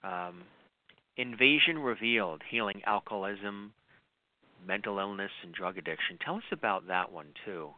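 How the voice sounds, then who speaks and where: A man's voice: fairly low pitch, moderate pace, dry recording. A man hosting an interview, prompting his guest with brief questions. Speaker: interview host. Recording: tinny phone line, dry.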